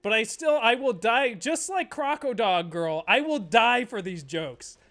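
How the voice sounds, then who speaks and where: A man's voice: very high-pitched, lively intonation, measured pace, fairly bright tone. A young man streaming a game, chatting in a rambling, profane way and laughing often. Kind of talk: casual gameplay chat.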